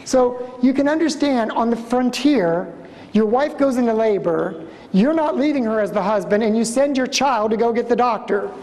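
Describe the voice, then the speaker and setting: A man giving a storytelling conference lecture as a museum director, an animated speaker who acts out the voices in his stories. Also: very high-pitched, moderate pace. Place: conference hall. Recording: reverberant lecture hall.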